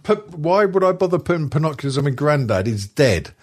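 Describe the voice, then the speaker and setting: A man's voice: on the high side, very animated, brisk, a little mellow, slightly rough. A man hosting a casual podcast, reading a list aloud with constant swearing and jokes. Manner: swears constantly, jokey, laughs often.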